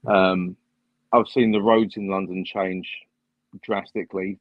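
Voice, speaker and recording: A man who works as a bus driver, chatting casually on a live stream, speaking in a measured way with frequent pauses and dry, wry asides. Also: sits low, little pitch movement, no echo. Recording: dull lo-fi live-stream audio.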